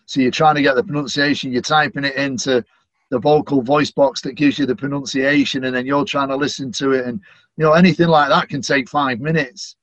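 A middle-aged Mancunian from Manchester, England, a stadium announcer appearing as a podcast guest, chats casually in an interview and drops in lots of "you know." His mid-range voice is steady, fairly bright and a little fast, with no room sound, though the recording is muffled.

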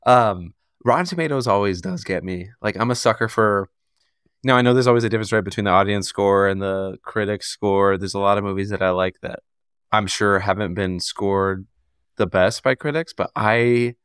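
A man co-hosting a podcast in a chatty, casual way, heavy on fillers. He pokes fun at himself in a lowish voice. The sound is dry and close. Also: steady tone, normal speed, fairly bright tone, clean tone, dry recording. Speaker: podcast co-host. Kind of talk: casual chat.

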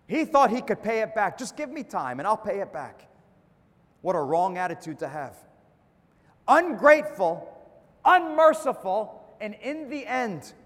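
A man preaching a sermon as pastor, with emphatic dips and rises and calls for an amen. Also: high voice. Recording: long hall reverb.

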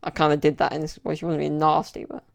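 A man rambles through a casual solo podcast story, leaning on lots of fillers. His voice has a gravelly fry, and his pitch stays flat and even. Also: fast talker. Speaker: podcast host.

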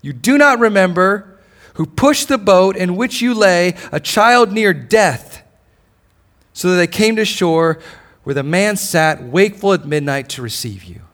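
A preacher reading as a wise lion. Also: male voice, sits high, animated, a little slow, fairly bright tone, big-room sound, voice pushed up. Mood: solemn. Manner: reading aloud from a book. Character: great wise male lion, calm and commanding.

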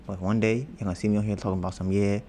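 Young guy chatting on his home podcast, lowish voice, rambly and joking, bit of hiss behind. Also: level tone, very fast, dark tone. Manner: rambling, joking, boastful about his smooth voice. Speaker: podcast host. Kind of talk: casual podcast chat. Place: home, storm outside. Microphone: podcast mic with headphones.

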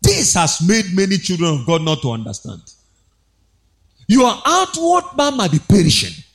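A man's voice: high-pitched, wildly swooping pitch, normal speed. A man preaching a sermon, exhorting with rhetorical questions, repeated phrases and a sing-song emphasis.

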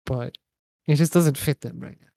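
A man's voice: a little high, normal speed, mellow, no echo. A man talking in a casual chat, blunt, joking and swearing a lot. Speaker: podcast co-host.

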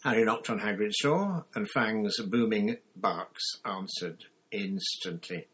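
A man reading a novel aloud in steady, measured scripted narration. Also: fairly low pitch, husky, rough recording. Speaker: audiobook reader.

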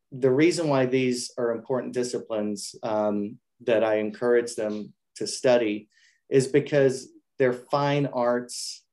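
A man speaks as a guest in a casual interview, his voice at an ordinary middle pitch. He is earnest and reflective, often starting his sentences over. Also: a little mellow. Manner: earnest, reflective, with frequent restarts.

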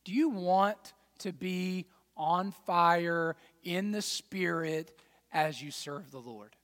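A man preaching a sermon as pastor, folksy and direct, dropping to quiet asides and then rising to loud fired-up exhortation. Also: sits high, slow, in a large hall. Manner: folksy, addresses congregation as y'all and man.

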